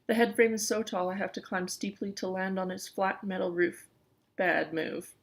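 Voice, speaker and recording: A woman reading a children's novel aloud in the first person, lively, with small stumbles. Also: mid-range voice, normal speed. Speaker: audiobook reader.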